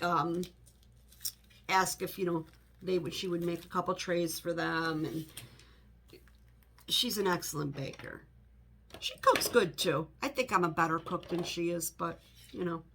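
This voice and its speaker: A middle-aged woman talks to the camera from her home office in a rambling, chatty way, full of "you know" asides. Her voice sits a little low. A faint background hiss runs under the recording. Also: pushed and bright. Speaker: home fragrance vlogger. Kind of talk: casual chat to camera.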